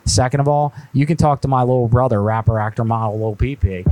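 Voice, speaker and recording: A man's voice: medium pitch, quick pace, hardly any pauses, warm tone, faint music behind. A man hosting a live stream and making a prank call, fake-friendly and then needling with mock offense. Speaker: prank caller, host.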